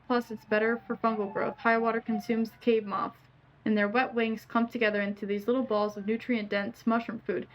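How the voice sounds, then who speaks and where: A woman's voice: mid-range voice, highs cut off. Woman streamer reading game lines aloud. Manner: reads lines in character, playful asides. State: hoarse.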